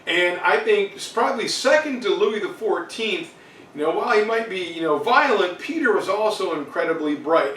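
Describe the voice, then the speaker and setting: A man's voice: sits high, fairly bright tone. A man teaching an exam review lecture in a casual, digressive way with many fillers. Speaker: history teacher. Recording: roomy, distant mic, faint noise.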